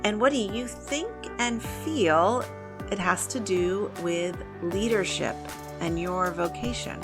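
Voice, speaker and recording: A woman hosting a podcast, speaking gently and reflectively, asking probing questions. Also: medium pitch, slow pace. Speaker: podcast host. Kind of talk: reflective podcast host address. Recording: voice over clear background music.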